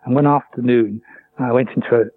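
An older man, a vet and author, telling stories and reading aloud from his memoir in a measured, reflective way. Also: medium pitch, steady tone. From England. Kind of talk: interview with a book reading. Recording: tinny phone line with faint hum.

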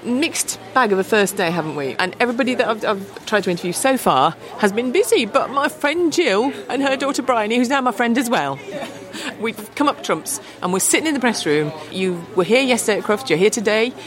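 A woman's voice: fairly high pitch, expressive, a little fast, over music. A woman hosting a podcast, chatting casually and poking fun at herself, recorded at a busy show. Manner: chatty, self-deprecating, acts out voices. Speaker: podcast host. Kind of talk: casual on-location chat. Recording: busy crowded exhibition hall.

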